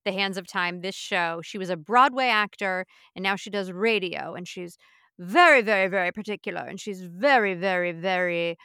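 A woman co-hosts a podcast, chatting casually and laughing easily. Her mid-range voice is pushed, bright, clear and resonant at a normal speed, in studio-quality audio with no room sound.

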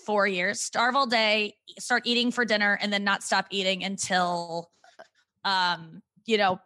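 A woman's voice: medium pitch, flat delivery, unhurried, sharp tone, no room sound. A woman in her thirties, a comedian guest on a podcast, talking candidly in a frank, profane and self-mocking way.

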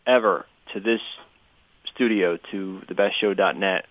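A man who works on the show as producer, recounting details in a casual, measured podcast conversation. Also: low voice, steady tone, no echo. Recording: tinny phone-like line, dry.

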